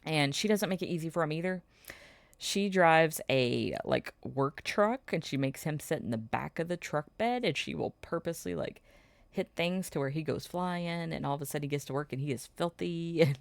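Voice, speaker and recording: A woman's voice: deep voice, lively intonation, normal speed, vocal fry, no echo. A woman host casually recapping a drama plot, chatty with frequent fillers and laughs.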